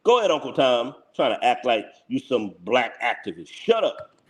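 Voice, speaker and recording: A man's voice: medium pitch, expressive, moderate pace. A man hosting his own channel, giving blunt, heated live reaction commentary that repeats its points and breaks into laughter. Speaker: channel host.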